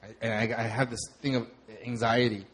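A young adult man preaching a sermon, talking conversationally, with animated storytelling and laughter. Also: mid-range voice, a little fast. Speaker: pastor.

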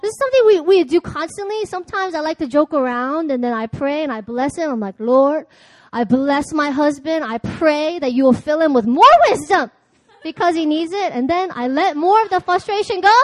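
A woman delivers a sermon, with a high voice heard dry and close. She tells personal stories, acts out both sides of conversations, and often laughs as she goes. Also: moderate pace, no echo. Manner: storytelling, acting out dialogue, laughing often. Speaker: preacher. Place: church.

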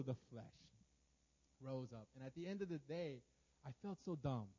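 A man preaching a storytelling sermon to a congregation, animated, swinging from loud outbursts to hushed lines and often stammering and repeating words. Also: medium pitch, fairly quick, lo-fi sound.

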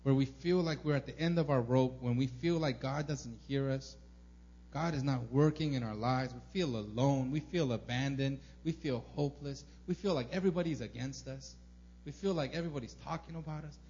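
A young man preaching a casual sermon as a pastor, informal and earnest, full of fillers, sometimes acting out prayers loudly. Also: medium pitch, a little fast. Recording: dull lo-fi recording with faint hum.

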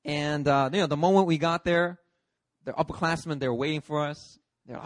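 A man, a pastor, preaching a sermon through a lively personal story, acting out the scenes. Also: a little high, brisk, no room sound. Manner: lively, acts out scenes with shifting voices.

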